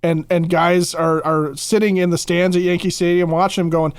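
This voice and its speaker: A man's voice: high voice, flat delivery, moderate pace, hardly any pauses, smooth, no room sound. A man co-hosting a sports podcast, rambling casually through his opinions. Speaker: podcast co-host.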